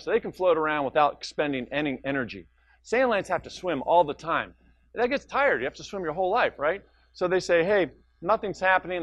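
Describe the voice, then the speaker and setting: Man, science lecture, eager conversational delivery, fairly high voice, dry sound. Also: dry recording. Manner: enthusiastic and conversational, often tags lines with "right?"; jokey, narrates slides and videos. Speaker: guest lecturer, marine scientist. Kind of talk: public science talk.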